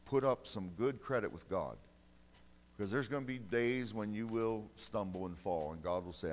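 A male pastor preaching a sermon, folksy and emphatic, with sudden loud bursts between quieter, conversational stretches. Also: on the low side, moderate pace, in a large hall, a little hiss or hum. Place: church sanctuary.

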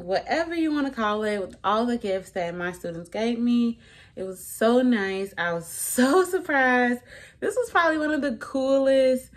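A chatty woman vlogs casually as a teacher, with slangy asides and frequent laughs. Her pitch sits at a middle level for a woman. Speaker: elementary school teacher. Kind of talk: casual vlog.

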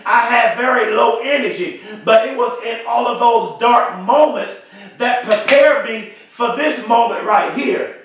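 Man, motivational speaker, very high voice, punchy repetitive delivery, heard from far off in a booming echo. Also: a little slow, fairly bright tone, a little hiss or hum. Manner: emphatic, repetitive, preacher-like delivery. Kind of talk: motivational speech. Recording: very echoey, from far off the mic.

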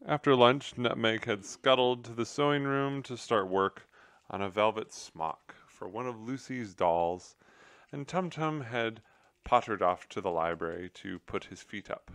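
A man narrates a children's book aloud in a gentle storytelling manner. His voice is deep and his pace slow. The sound is dry and close. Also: no room sound.

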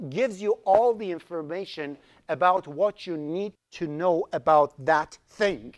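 Man lecturing a class, non-native English. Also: sits high. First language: Azerbaijani. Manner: lively, asks the class questions, jokes around. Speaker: college programming instructor.

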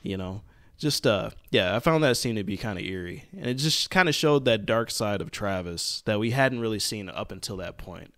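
A man's voice: fairly low pitch, expressive, moderate pace, fairly bright tone. A young man co-hosting a podcast, talking casually, laughing often and cursing freely. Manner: laughs often, many restarts, loose and profane. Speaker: podcast co-host. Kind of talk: casual chat.

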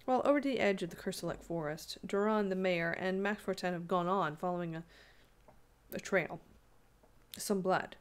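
A woman voicing a nervous young husband in a ghost story read aloud, brisk and falsely reassuring. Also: lowish voice, lightly acted. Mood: uneasy. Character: young husband, tense, trying to sound reasonable.

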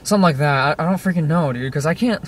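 A man's voice: a little high, fast talker, recorded from a distance. A teenage boy rambling and venting in a casual video diary, filming himself in his parked car with many restarts. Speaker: vlogger. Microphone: handheld camera set on dashboard. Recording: car interior with outside noise. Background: car and traffic noise.

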